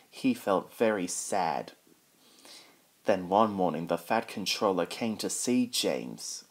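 A man reading a children's train story aloud, voicing all the characters in his own plain voice. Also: low voice. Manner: reads every character in his own voice, slow and even.

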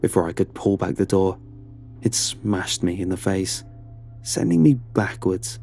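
A man narrating a horror story in a slow, low, brooding way. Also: expressive, vocal fry, darkish tone. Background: faint music.

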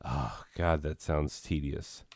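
Low, slow sarcastic man. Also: darkish tone, dry recording. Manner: rambling, sarcastic asides with many fillers. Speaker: let's play host. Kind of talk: casual commentary reading in-game text.

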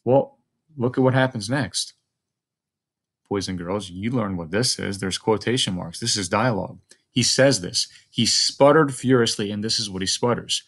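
A man's voice: on the low side, moderate pace, gravelly, fairly bright tone, slightly rough. A male teacher reading a story aloud to children, thinking aloud and asking the listener questions as he models a close read.

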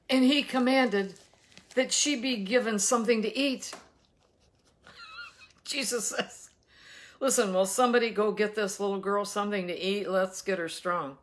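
A woman's voice: medium pitch, a bit bright. A woman giving a devotional Bible reading with commentary, earnest and emphatic, often asking her listeners rhetorical questions. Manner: reads scripture slowly with emphasis. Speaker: daily Bible reader and teacher.

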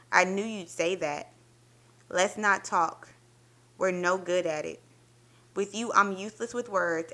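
A woman with a fairly low voice reads a short story aloud as a dramatic performance. She tells it in an intimate, expressive first-person voice. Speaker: book reviewer reading a story aloud.

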